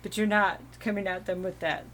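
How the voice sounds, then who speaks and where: A woman giving a casual, meandering tarot reading at home, giggling now and then and clearing her throat from allergies. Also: medium pitch, steady tone, fairly quick, fairly bright tone. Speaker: tarot reader.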